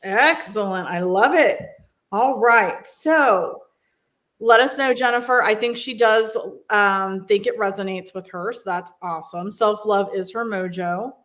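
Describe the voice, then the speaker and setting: A woman's voice: mid-range voice, unhurried, fairly bright tone. A woman giving an intuitive card reading on a live stream, effusive and emotional, with frequent exclamations.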